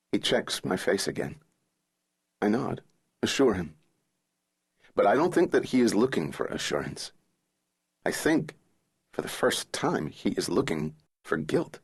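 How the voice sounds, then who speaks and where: A man reading a thriller audiobook in the first person, measured and somber. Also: on the low side, big pitch swings, slightly rough. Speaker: audiobook narrator.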